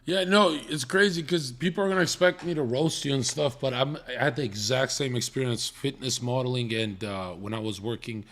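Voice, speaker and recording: A man's voice: mid-range voice, brisk, few pauses, fairly bright tone. A young man telling profane stories in casual stream chat, often mocking people in quoted voices.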